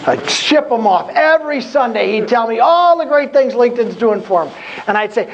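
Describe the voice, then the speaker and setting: Heard through a muffled recording with a little hiss or hum, a very high-pitched man speaks at normal speed. He's in his fifties, entertaining a career group as a guest speaker by animatedly acting out past conversations in humorous stories.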